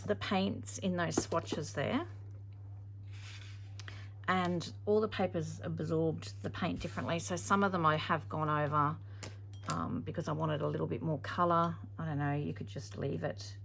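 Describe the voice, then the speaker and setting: A woman's voice: low-pitched, steady tone, a little slow, vocal fry, a bit bright, slight background noise. A woman narrating a casual craft tutorial, chatty and thinking aloud with frequent ums. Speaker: craft video maker.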